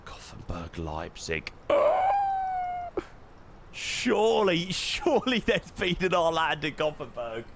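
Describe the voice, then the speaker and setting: A young man streaming a flight simulator, chatting with viewers in an excitable, talkative way. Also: on the high side, unhurried, vocal fry, hardly any pauses, noisy background. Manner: excitable, chatty, reacts loudly and greets viewers. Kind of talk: live-stream chat while playing a flight simulator.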